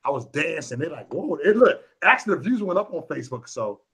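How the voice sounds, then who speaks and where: A man hosting a casual chat, telling loud, animated, joking stories and swearing freely. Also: on the high side, fast, breathy edge. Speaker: channel host.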